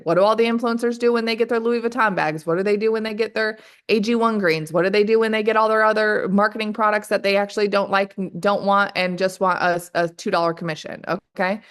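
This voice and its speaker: A woman leading a motivational training call for her sales distributors, energetic and full of rapid rhetorical questions. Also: medium pitch, clear, resonant tone. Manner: energetic, keeps calling the audience "you guys".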